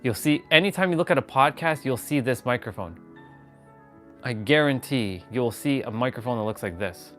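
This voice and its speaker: A man's voice: mid-range voice, expressive, normal speed, fairly bright tone, soft background music. A man chatting casually on a live stream from his phone at home, rambling and greeting viewers by name. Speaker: vlogger. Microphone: phone on gimbal.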